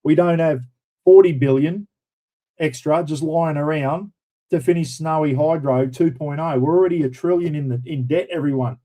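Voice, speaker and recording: Ranting with blunt indignation, this Australian livestream host has a dark voice on the high side and talks at a normal speed. He curses freely and calls his audience "everyone," and the audio is poor.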